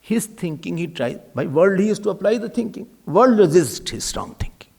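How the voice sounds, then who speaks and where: Emphatic Indian swami with a gravelly voice. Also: male voice, high voice, sing-song, moderate pace, a little mellow. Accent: Indian English. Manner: emphatic, repeats key phrases, mixes Hindi into English. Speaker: swami giving a spiritual talk. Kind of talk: sermon.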